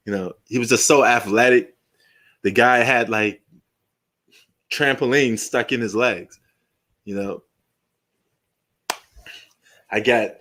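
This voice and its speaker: A man's voice: mid-range voice, a bit bright. Middle-aged man, profane live sports chatter. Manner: loose and profane, reminiscing and joking. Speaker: sports live-stream host. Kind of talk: casual live commentary.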